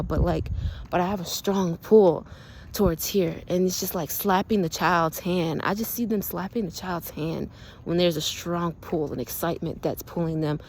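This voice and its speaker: A young woman talking in a casual, rambling spiritual monologue, earnest and quick to laugh, with lots of "like" fillers. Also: lowish voice, fairly even intonation, darkish tone, slight background noise. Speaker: spiritual vlogger.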